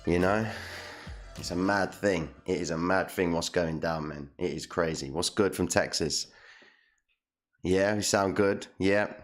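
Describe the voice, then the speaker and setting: A man chats loosely on a live stream, hyped and full of slang, looping his own phrases. His voice sits very low, and a condenser mic picks him up close. Faint music plays behind him. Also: unhurried. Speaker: livestream host. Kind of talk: casual live-stream chat.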